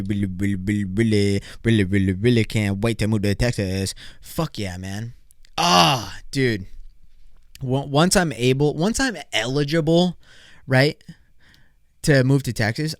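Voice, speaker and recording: A young man in his twenties hosting a solo podcast, rambling, profane and high energy. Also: clean tone, dry recording, clean studio sound. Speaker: podcast host.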